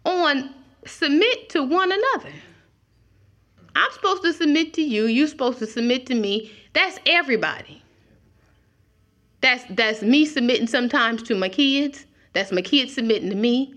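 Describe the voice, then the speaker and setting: A woman's voice: fairly high pitch, fairly bright tone. A middle-aged woman preaching a conversational sermon, acting out little dialogues as she talks.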